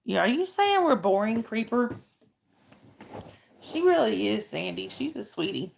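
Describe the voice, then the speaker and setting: A woman's voice: a little high, very animated, a little slow, gravelly. A middle-aged woman, hosting a casual livestream and chatting with viewers by name. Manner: chatty, greets viewers by name, answers chat questions. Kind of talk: casual live chat.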